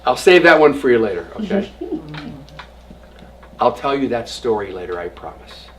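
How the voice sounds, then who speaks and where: A man with a medium-pitched, very animated voice teaches adults as a rabbi at a moderate pace. It's an informal lecture of stories, jokes, and quotes he acts out, now and then dropping to a whisper; the distant mic picks up audible room noise.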